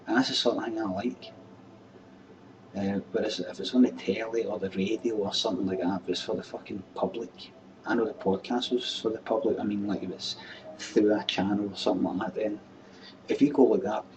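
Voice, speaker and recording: Scottish guy ranting into a webcam, swears a lot, sounds a bit far from the mic, faint hiss behind. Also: fairly low pitch. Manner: sweary, blunt, exasperated ranting. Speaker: webcam show host answering viewer questions. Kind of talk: casual ranting chat. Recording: distant webcam mic with faint room noise.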